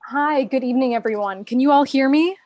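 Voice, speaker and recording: A young woman from Boston speaks earnestly at a virtual meeting, measured and a little hesitant. Her voice sounds close and dry. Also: high voice, darkish tone, no room sound. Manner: earnest, measured complaint with some ums. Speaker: resident speaking at public comment. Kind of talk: public comment at a virtual meeting. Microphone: video call.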